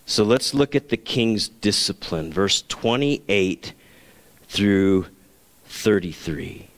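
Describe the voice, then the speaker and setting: A man's voice: fairly low pitch, expressive, slow, long reverb tail. A man preaching a sermon as pastor, earnest, now and then acting out the voices he quotes.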